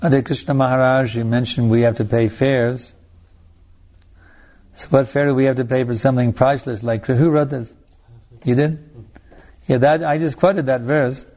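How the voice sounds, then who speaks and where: A man's voice: medium pitch, steady tone, normal speed, pauses often, darkish tone. A man as a spiritual teacher telling stories and answering audience questions, with many restarts and laughs. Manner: storytelling with frequent restarts and laughs.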